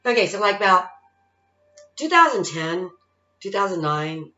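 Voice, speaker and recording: Woman, 50s, vlogger monologue; emphatic, lively pitch, echoey lo-fi recording. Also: unhurried, faint music behind. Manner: emphatic, keeps tagging lines with okay? and all right?. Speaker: psychic-medium vlogger. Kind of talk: casual monologue rant. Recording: roomy, dull lo-fi sound.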